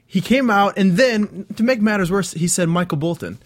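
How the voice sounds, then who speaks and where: Male co-host, easygoing, chuckles often, slightly high voice. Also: moderate pace. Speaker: podcast co-host. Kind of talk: casual chat.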